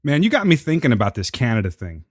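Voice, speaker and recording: A man's voice: medium pitch, sing-song, fast talker, no room sound, studio quality. A man co-hosting a podcast in casual chat, joking in mock-indignant banter. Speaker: podcast co-host.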